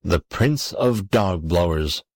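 A man's voice: sits low, expressive, slow, dry recording, clean studio sound, exaggerated voice. A man voicing a poor, miserable glass blower in a storybook reading, with a pleading, earnest manner. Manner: pleading, then eager.

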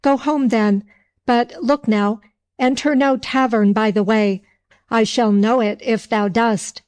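A woman's voice: fairly high pitch, fairly even intonation, a little mellow. A woman voicing a stern giant who is the wind. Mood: warning. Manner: slow, archaic storytelling speech.

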